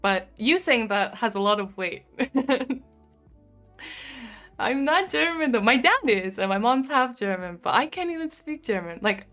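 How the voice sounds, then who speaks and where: Over soft background music, a young American woman with a lisp speech impediment chats on a live stream, reading viewer comments. Her fairly high voice is expressive, unhurried, and a bit bright, full of giggles and "like."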